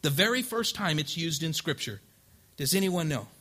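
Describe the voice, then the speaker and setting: A male pastor preaching a lively sermon, acting out the couples he counsels and rising to loud emphasis. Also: on the high side, normal speed.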